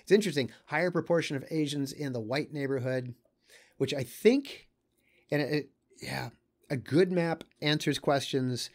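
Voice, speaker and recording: A man, teaching casually and thinking aloud as he comments on maps, pausing often with fillers and small asides. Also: a little high.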